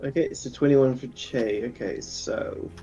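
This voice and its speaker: Guy game-mastering, lots of ums, kinda mellow dull voice, lo-fi sound. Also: mid-range voice, a little slow, faint music behind. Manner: hesitant, frequent ums while explaining. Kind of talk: narrating a tabletop game.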